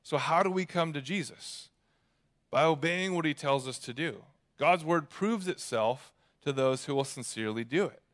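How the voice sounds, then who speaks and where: Give me a man with a fairly high voice preaching a sermon as a pastor. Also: moderate pace. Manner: animated storytelling.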